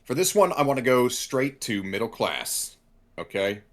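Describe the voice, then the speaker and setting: A man co-hosting a casual podcast at a middle pitch. He teases his points along and builds them up with mock drama. His tone is easygoing and playful. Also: very animated, moderate pace, a bit bright. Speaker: podcast co-host. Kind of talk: casual chat.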